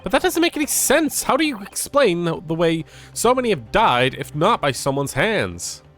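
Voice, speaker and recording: A man voicing an earnest young lawyer, pitched high. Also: very animated, moderate pace, a bit bright, soft background music. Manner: high, startled exclamations.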